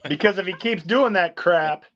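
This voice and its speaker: A man's voice: sits high, moderate pace, fairly bright tone. A man co-hosting a sports talk show, blunt and fired up, citing stats. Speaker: podcast co-host. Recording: dull lo-fi audio.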